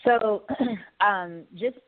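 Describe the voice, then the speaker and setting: A woman's voice: medium pitch, very slow. A woman with a mid-range voice answers on a radio panel, speaking agreeably and reflectively. The sound is thin, like a phone line. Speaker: filmmaker panelist. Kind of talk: panel discussion.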